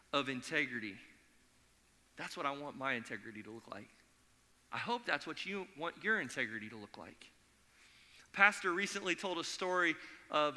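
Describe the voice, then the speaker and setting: A man delivers a sermon in a church sanctuary, his voice high and sharply bright. He tells stories with energy and slips into the voices of the people in them. A long reverb from the hall trails each phrase. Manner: animated storytelling, acts out quoted voices. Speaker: pastor.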